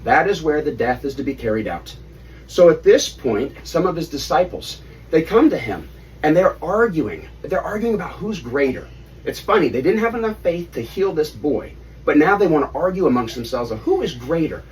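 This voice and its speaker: Dad retelling a story, slightly high voice. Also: male voice, moderate pace, a little hiss or hum. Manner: animated, asks kids questions. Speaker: father leading family Bible study. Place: family home. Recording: distant mic, faint room ambience.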